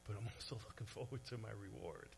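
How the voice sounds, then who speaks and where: A man preaching a sermon in an animated way, swinging from soft to loud, with conversational asides to the audience. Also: lowish voice, quick pace, creaky, a little hiss or hum, poor audio. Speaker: pastor.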